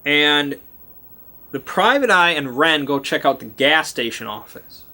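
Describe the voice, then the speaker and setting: A man's voice: a little high, animated, unhurried, sharp tone. A young man as game master, casually recapping a tabletop game session in a rambling way, full of "like" and restarts. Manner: rambling, lots of "like" and restarts, chuckling.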